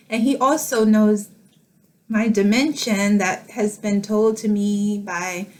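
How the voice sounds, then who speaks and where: A middle-aged woman speaking to camera in a tender, emotional personal vlog, laughing softly through tears as she talks. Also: fairly high pitch. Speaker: vlogger.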